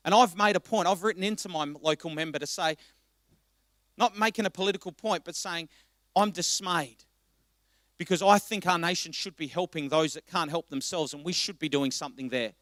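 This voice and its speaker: A male pastor preaching a passionate sermon, swinging between quiet reflection and loud exhortation. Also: fairly high pitch, a little fast, no room sound, clean studio sound. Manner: impassioned, rising to loud exhortation.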